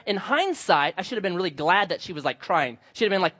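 A middle-aged man preaching a sermon as pastor, telling stories with animated quoted voices. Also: sits high, fairly quick, hardly any pauses, lo-fi sound.

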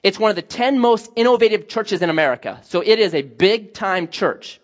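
A man preaching a sermon as a pastor, telling stories with lively acted-out dialogue. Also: high-pitched, moderate pace. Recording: dull lo-fi sound.

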